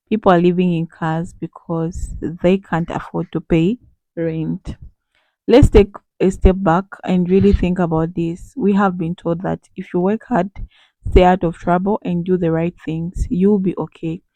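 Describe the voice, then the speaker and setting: A woman with a mellow, warm voice speaks to her viewers in an earnest, persuasive way. The sound is dry and close. She lays out her views as a commentary monologue. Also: fairly low pitch, no echo. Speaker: channel host.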